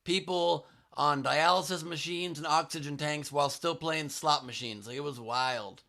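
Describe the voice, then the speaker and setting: A man's voice: on the high side, normal speed, sharp tone. A man comedian chiming in on a video call with incredulous, joking asides. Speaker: stand-up comedian guest. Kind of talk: casual chat.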